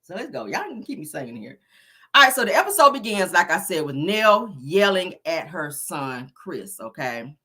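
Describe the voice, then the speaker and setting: A woman recapping a reality show episode in a sassy, animated, slang-filled way. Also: on the low side, moderate pace, breathy edge. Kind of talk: casual chat.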